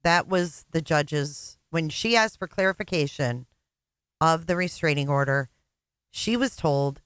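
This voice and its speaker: A woman's voice: deep voice, animated, measured pace, a bit bright, clear, resonant tone, dry recording, clean studio sound. A woman co-hosting a casual livestream, blunt and exasperated, swearing freely.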